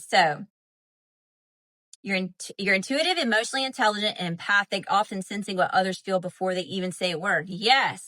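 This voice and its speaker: A woman's voice: medium pitch, sharp tone, no echo. Southern woman chatting on a livestream. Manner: chatty, filler-heavy, addresses viewers as y'all. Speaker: spiritual livestream host. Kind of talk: casual livestream teaching.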